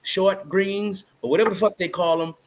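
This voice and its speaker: High-voiced man ranting loudly. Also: moderate pace, a little hiss or hum, rough recording. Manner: loud, profane, animated ranting. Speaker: panelist. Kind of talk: casual panel discussion.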